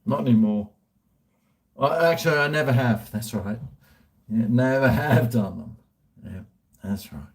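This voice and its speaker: Slow, rambling Australian man. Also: mid-range voice, lively intonation. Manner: rambling, joking, crude. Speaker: vlogger answering viewer questions. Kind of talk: casual chat.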